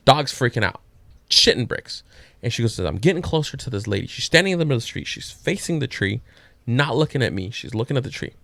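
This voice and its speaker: A man's voice: medium pitch, animated, a little fast, vocal fry, fairly bright tone, dry recording. A man co-hosting a podcast, telling a story in a loose, profane, slangy way. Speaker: podcast co-host. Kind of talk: casual storytelling.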